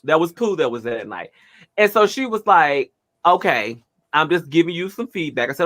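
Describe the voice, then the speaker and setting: A man co-hosting a radio talk show, telling stories in an animated, theatrical way. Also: a little high, brisk. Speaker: radio co-host. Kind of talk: casual storytelling chat.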